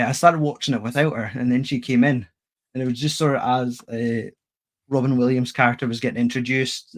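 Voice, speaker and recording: A Scottish man co-hosting a podcast, telling relaxed anecdotes in casual chat with dry humour. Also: mid-range voice. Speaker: podcast co-host.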